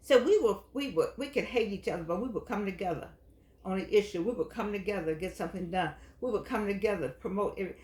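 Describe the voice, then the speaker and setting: The recording sounds roomy, and the older woman's medium-pitched voice has a darkish tone. Hosting a senior-life show, she gives a chatty, earnest motivational talk with emphasis like a preacher's, reading aloud from a book along the way.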